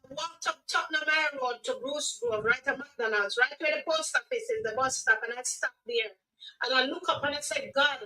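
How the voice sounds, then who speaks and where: A middle-aged woman with a Jamaican accent, earnestly telling her life story as a guest, with halting restarts. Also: high-pitched, pushed and bright, distant mic, poor audio. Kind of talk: personal testimony on a radio livestream.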